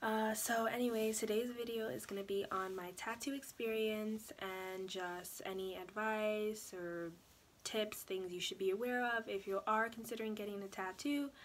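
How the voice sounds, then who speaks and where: A young woman vlogger telling a personal story in a chatty, animated way, full of "like" and "you know". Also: medium pitch, moderate pace, a little hiss or hum. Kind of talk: casual storytelling vlog.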